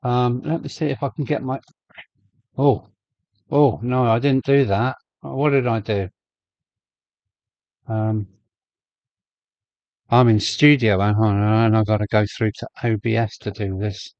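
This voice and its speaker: A man's voice: mid-range voice, fairly even intonation, measured pace, long pauses, no echo, dull audio. A man hosting a live stream from his loft, chatting casually and greeting viewers by name as he goes. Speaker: host of a model railway live stream. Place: home loft with a model railway layout.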